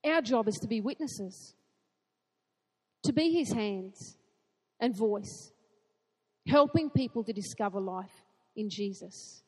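A woman preaching a sermon in an earnest way, asking rhetorical questions and building to excited emphasis. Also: medium pitch, takes it slowly, pauses often, husky, in a large hall.

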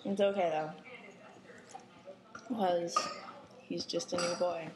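A young woman in casual chat, laughing easily and reacting quickly. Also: fairly low pitch, steady tone. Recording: echoey room with clear background noise.

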